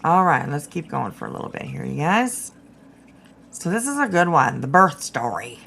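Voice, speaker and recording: A woman hosting a livestream, chatting casually with viewers and agreeing warmly with her guest. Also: low-pitched, very animated, moderate pace, gravelly, husky, rough recording. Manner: chatty, agreeable, calls people sweetheart. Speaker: livestream host.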